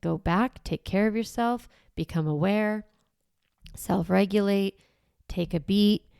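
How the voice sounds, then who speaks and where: A woman's voice: medium pitch, takes it slowly, gravelly, a little mellow, smooth, dry recording, clean studio sound. A middle-aged woman hosting a parenting show, talking through ideas in a conversational, reflective way and often correcting herself mid-sentence. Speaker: parenting coach and podcast host. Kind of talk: casual teaching monologue.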